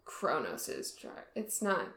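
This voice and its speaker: A young woman chatting casually about a book as a podcast co-host, soft and agreeable. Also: low-pitched, wildly swooping pitch, slow, creaky, slight background noise. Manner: soft, agreeable, often answers with short yeahs. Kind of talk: casual chat. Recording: echoey room.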